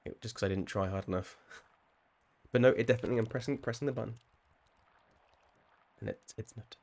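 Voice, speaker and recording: A man's voice: on the low side, brisk, creaky, a little mellow. A man with a southern English accent, chatting casually with viewers while playing a game on a live stream, rambling and laughing often. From southern England.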